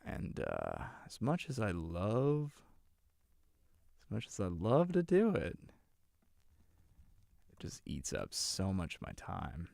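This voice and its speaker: A livestream host edits audiobooks while chatting casually, rambling with lots of fillers into a close desk mic. His deep voice has huge pitch swings, a slow pace, creakiness, frequent pauses and a slightly mellow quality, with no echo.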